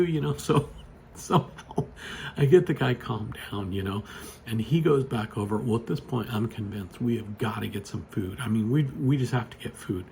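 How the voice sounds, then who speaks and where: A man's voice: fairly low pitch, normal speed, gravelly, darkish tone, a little hiss or hum. A man telling a story in a casual, rambling way, full of "you know" and restarts, recorded on a phone at a desk. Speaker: storyteller vlogger. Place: home desk with computer monitors.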